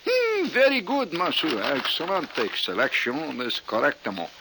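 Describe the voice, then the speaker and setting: Fawning french waiter guy, fake accent, gravelly and bright, pitch jumps all over, a comic putting him on. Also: wildly swooping pitch, background noise. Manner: mock French accent, halting, pompous. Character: snooty French waiter, male, fawning and formal.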